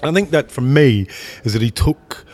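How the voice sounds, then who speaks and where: A man, a film director, talking in an interview in a rambling, halting way, often repeating words as he searches for them. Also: medium pitch, lively intonation, darkish tone. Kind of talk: interview conversation.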